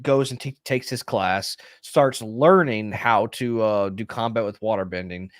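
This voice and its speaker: A man's voice: fairly low pitch, unhurried, dry recording, studio quality. A man from Louisiana co-hosting a casual livestream, rambling through plot recaps and correcting himself as he goes. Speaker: podcast co-host.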